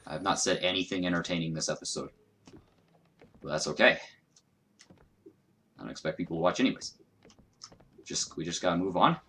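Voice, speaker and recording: Playing a video game, a young man delivers relaxed, foul-mouthed, self-deprecating let's play commentary for his YouTube channel. He has a low, sharp-toned voice, talks a little fast, and leaves long pauses.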